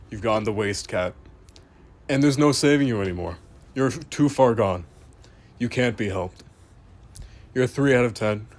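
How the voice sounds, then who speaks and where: Deadpan man mock-rating animals. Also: medium pitch. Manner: deadpan, swears casually, talks straight to the animals. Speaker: host reviewing animal pictures. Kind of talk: mock-serious comedic commentary.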